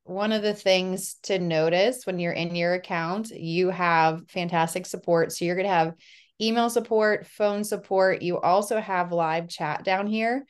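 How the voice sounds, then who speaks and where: A woman presenting a software demo in a friendly, explanatory way. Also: lowish voice, steady tone, unhurried, clear, resonant tone. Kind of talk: screen-share tutorial.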